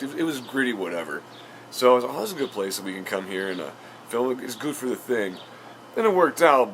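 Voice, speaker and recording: A man's voice: fairly low pitch, fairly bright tone, slight background noise. A man hosting a podcast, telling a casual story full of fillers and offhand swearing. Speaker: podcast host and comedian.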